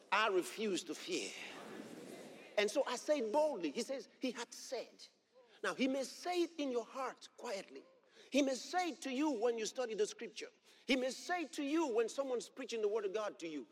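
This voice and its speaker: A man preaching a sermon, emphatic and repetitive, reading scripture aloud and building to shouts. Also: high voice, big-room sound. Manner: emphatic, repeats key phrases and builds to shouts; reads scripture aloud in old-fashioned wording.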